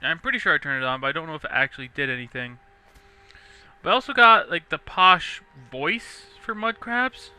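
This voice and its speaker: A young man casually rambling through gameplay commentary, chatty and quick to laugh. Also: a little high, lively intonation, pushed and bright, clear, resonant tone. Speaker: let's play host.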